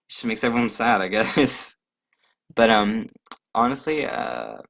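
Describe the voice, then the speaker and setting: A young man with a low, gravelly voice hosts a casual solo podcast, wandering from topic to topic. He jokes at his own expense, trails off and fills the gaps with loose, chatty filler. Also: slow, a bit bright, a little hiss or hum. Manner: rambling, jokey, self-deprecating. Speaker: podcast host.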